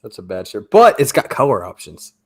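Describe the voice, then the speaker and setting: A man's voice: mid-range voice, wildly swooping pitch, a little fast, slightly rough. A man co-hosting a podcast, cracking crude teasing jokes in casual banter.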